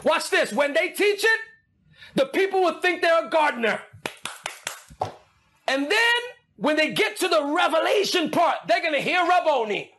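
A man preaching an energetic sermon, excitable, often shouting and laughing, calling his listeners "baby". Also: very high voice, normal speed, pauses often, slight background noise.

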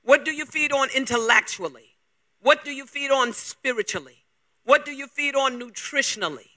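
A man preaching a sermon, driving his points home with rapid rhetorical questions. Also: very high-pitched, sharp tone.

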